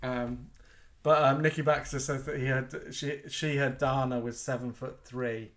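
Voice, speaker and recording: A man's voice: medium pitch, fairly even intonation, normal speed. A man co-hosting a live chat show, rambling and giggly in casual talk.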